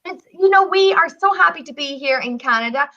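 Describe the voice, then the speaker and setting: A woman with a Northern Irish accent, telling folk tales and talking travel as a radio show guest, lively and chatty. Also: sits high, a little fast, lo-fi sound. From Northern Ireland. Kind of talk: radio talk show storytelling and pitch.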